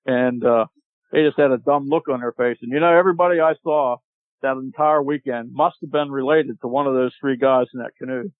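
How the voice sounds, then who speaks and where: A man's voice: medium pitch, a little fast, no room sound. Man telling a story over a tinny line. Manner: animated storyteller, acts out shouted quotes. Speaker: podcast guest. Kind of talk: storytelling in a casual chat. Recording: tinny phone-like line, dry.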